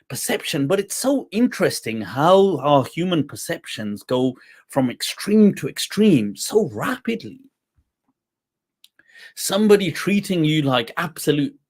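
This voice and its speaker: A man, a mufti, telling a personal story in a casual way, chuckling often as he talks. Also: a little high. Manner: chuckles often while telling, animated retelling.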